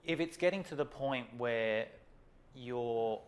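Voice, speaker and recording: A man's voice: mid-range voice, takes it slowly. A man hosting a podcast, chatting casually and encouraging his guest, with frequent restarts and casual swearing. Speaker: podcast host. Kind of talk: casual interview chat.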